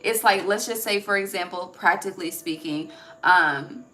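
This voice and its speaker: A woman's voice: lowish voice, normal speed, bright, forceful tone, slight background noise, poor audio. Chatty, cussing woman tarot reader. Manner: chatty, profane, asks "okay?" often. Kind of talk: casual intuitive tarot reading. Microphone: phone.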